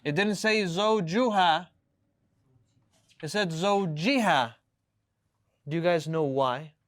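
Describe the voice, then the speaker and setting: A man teaching a live class, with a fairly high voice. He explains each word patiently, often stopping to ask "right?", and reads the example sentences aloud. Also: expressive, brisk, fairly bright tone, clear, resonant tone. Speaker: Arabic teacher. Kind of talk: classroom lesson. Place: classroom with students.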